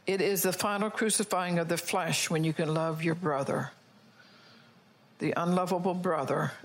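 A woman preaching a sermon, emphatic and scolding, who calls on the congregation to agree and slows down for quoted scripture. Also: on the low side.

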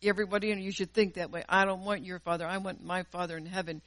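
A woman's voice: lowish voice, little pitch movement, quick pace, hardly any pauses, dry recording. Fervent woman preacher, dry sound. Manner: fervent, swings between loud exhortation and quiet asides; repeats words and restarts phrases while preaching. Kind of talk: sermon.

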